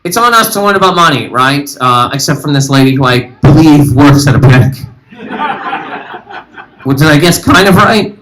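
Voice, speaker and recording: Male stand-up comic, high voice, animated and rambling, works the room. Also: moderate pace, low-quality recording. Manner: animated, rambling, talks to the audience. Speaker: stand-up comedian. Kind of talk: stand-up comedy with crowd work. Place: live comedy venue.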